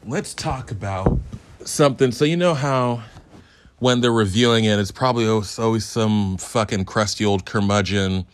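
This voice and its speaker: A man's voice: lowish voice, normal speed. A man hosting a solo review podcast, talking in a hyped, profane, joking ramble. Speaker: podcast host.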